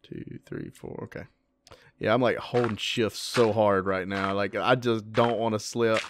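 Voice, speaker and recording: A man's voice: fairly low pitch, fairly even intonation, measured pace, noisy background. A man giving casual, chatty commentary while playing a video game, often yelping when startled. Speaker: let's play gamer.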